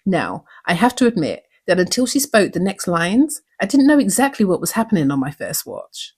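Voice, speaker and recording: Husky-voiced woman hosting a show recap. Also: medium pitch, sing-song, moderate pace, darkish tone. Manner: earnest, reflective, asks many questions. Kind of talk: recap commentary.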